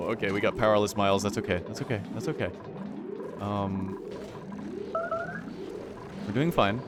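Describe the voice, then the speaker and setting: His fairly low, fairly bright voice moves at normal speed with fairly even intonation and long pauses. An anxious gaming YouTuber, he narrates gameplay, addressing his characters and repeating lines over a faint background hiss.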